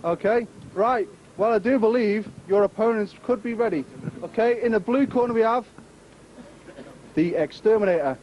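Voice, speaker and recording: A man's voice: high-pitched, moderate pace. A man acting as master of ceremonies, giving jokey, theatrical mock sports commentary at a crowded indoor event. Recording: muffled amateur video with loud crowd.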